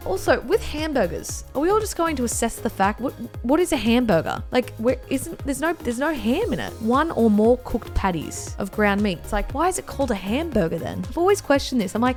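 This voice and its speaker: A young woman talks through pictures in a playful comic commentary, her voice sitting a little high. She throws in exaggerated outbursts and jokey asides. Faint music plays quietly underneath. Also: animated, a little fast. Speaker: YouTuber reacting to pictures.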